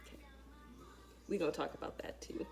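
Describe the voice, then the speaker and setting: A woman's voice: fairly quick, darkish tone, faint music behind. Emphatic woman giving a spiritual talk. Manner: casual, emphatic and dramatic, addressing viewers directly. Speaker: spiritual teacher.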